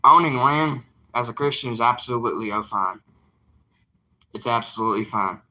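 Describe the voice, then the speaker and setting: In a casual vlog monologue, a young adult evangelist with a Southern US drawl speaks emphatically and folksily to his viewers, saying lines twice for effect. His medium-pitched voice sounds pushed and bright, moving at a moderate pace.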